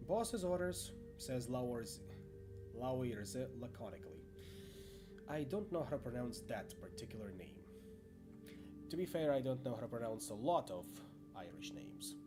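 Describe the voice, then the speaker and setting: A man's voice: mid-range voice, animated, measured pace, long pauses. A man narrating a tabletop horror game as game master, with chatty asides and stumbles over names. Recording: music playing under voice.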